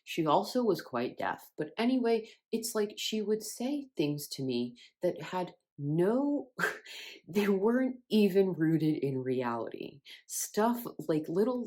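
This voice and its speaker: A low-pitched woman talking through inner healing in an earnest, reflective monologue. Her tone jumps upward sharply when she stresses a point, then settles back down. She sounds sincere and personal. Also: slow pace. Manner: earnest and expressive, with sudden rises in emphasis. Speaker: spiritual wellness creator. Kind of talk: reflective self-help monologue.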